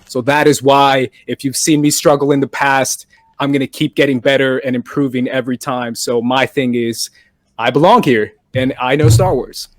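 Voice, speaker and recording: A man's voice: mid-range voice, fairly even intonation, normal speed, dry recording. A man being interviewed after a quiz match, who talks in an earnest, determined way and often repeats himself.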